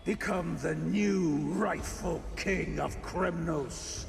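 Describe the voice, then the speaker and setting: A man's voice: fairly high pitch, heavily acted. An actor voicing a menacing old tyrant who taunts his son in a game cutscene. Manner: slow, gravelly, taunting. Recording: game cutscene with long reverb and music.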